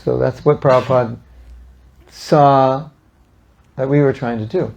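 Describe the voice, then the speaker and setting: Older man, gravelly voice, mid pitch, lively storyteller, talks to a gathering, animated quoting. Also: unhurried, highs cut off. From United States. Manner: animated storyteller, acting out quotes with laughs. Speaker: speaker at a devotional gathering. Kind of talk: storytelling talk to an audience.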